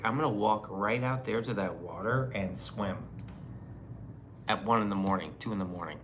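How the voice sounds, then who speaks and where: A man's voice: lowish voice, moderate pace, a bit bright. A man chatting casually on a livestream, laid-back and drawling, swearing freely as he reads chat. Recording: faint background noise.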